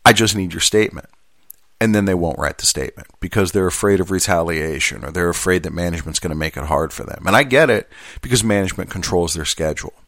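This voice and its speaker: A man's voice: low voice, lively intonation, fast talker, hardly any pauses, a bit bright, dry recording, clean studio sound. A man who is a union steward, reading out a workplace statement and then talking it over in an earnest, conversational way. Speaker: union steward and mail carrier. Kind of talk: reading a statement aloud, then casual commentary.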